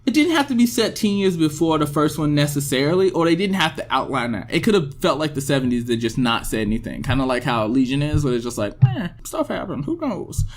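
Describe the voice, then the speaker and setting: A man's voice: a little high, expressive, quick pace, few pauses. A man co-hosting a casual podcast, ranting about movies with lots of fillers. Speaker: podcast co-host.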